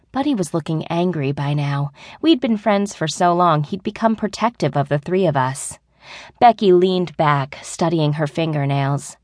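A woman narrating an adult audiobook in the first person with an even storytelling delivery. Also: sits low, normal speed, dry recording, studio quality.

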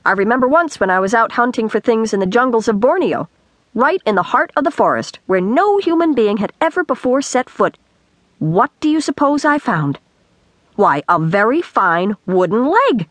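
A woman voicing a bold, cheerful girl who boasts freely in a quick, bright way. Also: a little high, big pitch swings, no room sound, voice pushed up.

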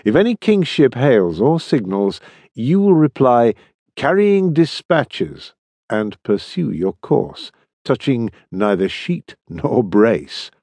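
A man reading the part of a seasoned sea captain in a storybook, speaking calmly and courteously with lively ups and downs in his voice. The sound is close and dry. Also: no room sound, exaggerated voice. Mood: steady. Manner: measured, low-key and courteous. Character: hearty seasoned male ship captain.

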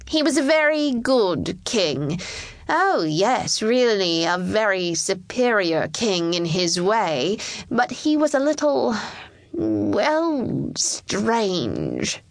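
A fussy, overly polite old prime minister who hedges every word, as a woman narrator plays him. Slow and hesitant, in a dry storybook reading. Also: mid-range voice, big pitch swings, dry recording, exaggerated voice.

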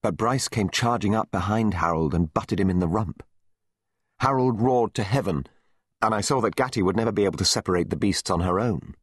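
A man narrating an audiobook for children with lively storytelling. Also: on the low side, fairly quick, breathy edge, no room sound, clean studio sound. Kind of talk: scripted narration.

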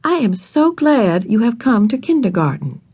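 A young, gentle kindergarten teacher, as a woman narrator puts her on in a storybook. She pronounces every syllable carefully and speaks a little higher and brighter than the narrator. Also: big pitch swings, moderate pace, slightly rough. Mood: kind. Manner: speaks each syllable distinctly. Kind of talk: audiobook character voice.

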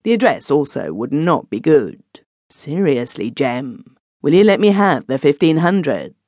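A man reading an audiobook voices a glib, teasing young gentleman who is deep in debt. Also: big pitch swings, unhurried, no room sound, full character voice. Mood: wheedling. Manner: teasing, wheedling.

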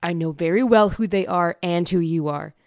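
A woman's voice: lowish voice, normal speed, no room sound, studio quality, lightly acted. A woman voicing a brutal, taunting hitman. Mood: menacing. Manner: taunting, threatening. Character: brutal menacing male hitman.

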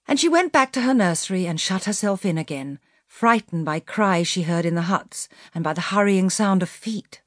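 A woman reads a classic story aloud with lively, expressive storytelling. Her pitch sits a little low but moves freely up and down, stretching out key words. The recording is dry and close. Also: no room sound. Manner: expressive storytelling, slows for emphasis. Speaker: audiobook narrator. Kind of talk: scripted narration of a classic novel.

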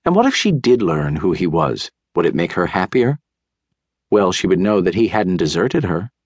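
A man narrating a children's audiobook in a measured, unhurried storytelling manner, on a close studio mic. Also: deep voice, sing-song, husky, no room sound.

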